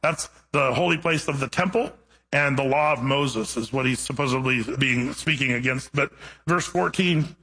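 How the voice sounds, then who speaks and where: Bright, husky-voiced male pastor telling stories. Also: medium pitch, normal speed, low-quality recording. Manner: animated, humorous storytelling. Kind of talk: sermon with storytelling.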